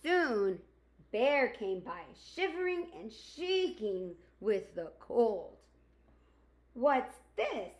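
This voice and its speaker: Slow, lively woman reading a storybook aloud. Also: a little high. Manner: expressive, slow, asks listeners questions. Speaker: kindergarten teacher. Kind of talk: storybook read-aloud for children.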